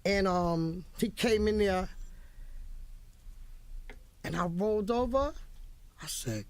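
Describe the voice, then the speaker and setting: A woman's voice: medium pitch, unhurried, long pauses, crowd noise. A middle-aged woman telling stories in a casual interview, blunt and profane, laughing often and acting out what people said. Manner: lively, laughing, blunt and profane, acts out quotes. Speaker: interview guest, music manager. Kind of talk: animated storytelling in a casual interview.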